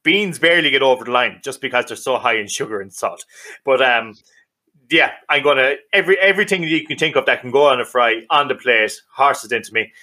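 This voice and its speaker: A boisterous Irish man talking in loose, rowdy banter as a podcast co-host. His voice is bright and forceful, and he swears and laughs freely. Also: medium pitch, lively intonation, a little fast. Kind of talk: casual banter.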